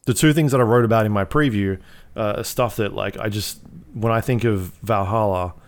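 A man's voice: on the low side, normal speed. A man co-hosting a casual podcast, rambling and full of fillers, swearing freely as he talks through his thoughts. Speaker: podcast co-host. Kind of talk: casual chat about video games.

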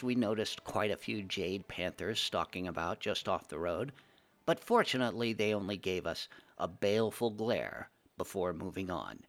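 A man narrating a fantasy adventure story, genteel and animated in first person. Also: fairly low pitch. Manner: genteel and animated, playing the old gnome monk narrator.

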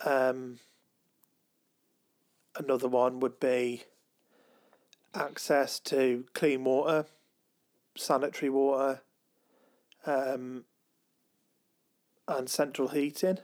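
A man co-hosting a podcast in casual chat, talking slowly with many ums and restarts. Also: mid-range voice, little pitch movement, a little mellow. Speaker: podcast co-host.

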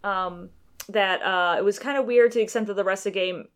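Here is a woman co-hosting a laid-back podcast, her voice sitting at an ordinary pitch for a woman. She reads a listener's email aloud, loose and chatty, filling the gaps with lots of ums and uhs. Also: fairly quick, smooth. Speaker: podcast co-host. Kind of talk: casual chat.

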